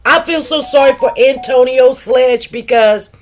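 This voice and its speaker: A woman's voice: high voice, measured pace, soft background music. A middle-aged woman chatting casually on a livestream, greeting viewers by name and stretching out some words. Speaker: livestream host.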